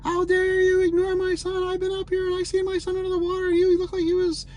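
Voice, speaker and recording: A shrill furious mother. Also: monotone, fast, darkish tone, a little hiss or hum. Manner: shrill, scolding, outraged. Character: furious mother screaming at a lifeguard.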